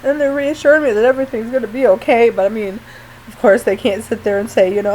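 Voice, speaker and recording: A woman telling an emotional personal story after surgery, halting and apologetic, often near tears. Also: a little high, fairly even intonation, darkish tone, a little hiss or hum, rough recording. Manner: tearful, apologetic, halting with fillers. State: post-surgery, pained when coughing. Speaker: vlogger.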